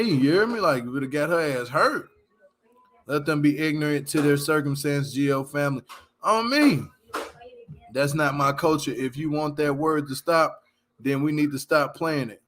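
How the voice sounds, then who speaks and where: A man's voice: medium pitch, fairly bright tone, slight background noise. A man hosting a casual commentary show, ranting bluntly and with a lot of swearing while speaking straight to his viewers. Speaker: commentary channel host.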